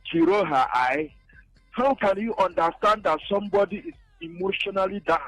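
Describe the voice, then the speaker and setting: A man calling into a radio show by phone, animated and acting out back-and-forth exchanges. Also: high-pitched, moderate pace, no echo, soft background music, poor audio. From Nigeria. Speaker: caller. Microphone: phone call.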